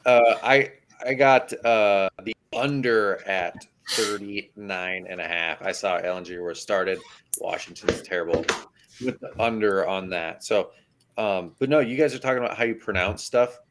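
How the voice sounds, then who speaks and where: A man's voice: on the low side, steady tone, a little slow, fairly bright tone. A man co-hosting a casual sports podcast, joking in a slangy, incredulous way. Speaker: podcast co-host.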